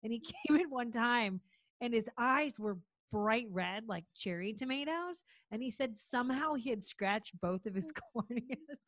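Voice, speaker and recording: A woman tells a blunt, expressive story in a casual chat and laughs easily. Her voice is a little high. The recording is dry and close. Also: a little slow, no echo.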